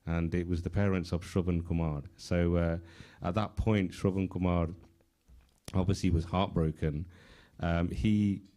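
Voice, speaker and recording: A man with a very low, dark voice retelling a scripture story in front of a temple gathering. He hesitates often, fills pauses with ums and uhs, and sounds unsure of the details. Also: fairly even intonation. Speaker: congregation member. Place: temple hall.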